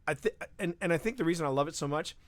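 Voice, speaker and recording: Animated rambling male podcast host. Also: on the high side, rapid-fire, dry recording. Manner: animated, rambling, frequent restarts. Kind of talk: casual live-stream chat.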